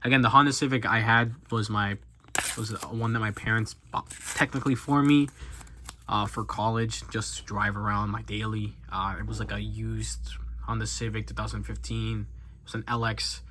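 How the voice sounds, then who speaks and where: A man's voice: fairly low pitch, level tone, moderate pace, bright, forceful tone, slight background noise. A young man in his twenties chatting casually on his channel, rambling and self-deprecating with lots of fillers and restarts. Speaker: YouTuber. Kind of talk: casual chat while opening cards.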